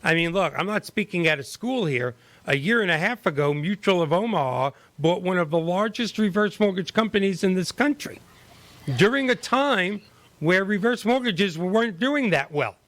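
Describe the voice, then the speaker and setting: Male talk host, bright and forceful, dry close sound, keeps firing questions. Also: sits high, no echo. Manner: energetic, rapid-fire questioning. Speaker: show host. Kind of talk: panel discussion.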